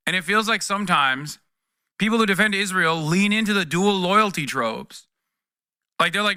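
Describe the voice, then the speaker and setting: A man's voice: a little high, expressive, moderate pace, pushed and bright, clean tone, no echo, studio quality. A man streaming casual political commentary, talking with a profane, exasperated edge in bursts with restarts, to his chat.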